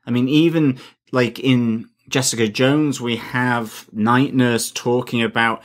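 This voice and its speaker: A man's voice: medium pitch, fairly even intonation, a little slow. A man co-hosting a podcast, musing in a rambling, hesitant way with many fillers. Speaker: podcast co-host. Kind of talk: casual chat.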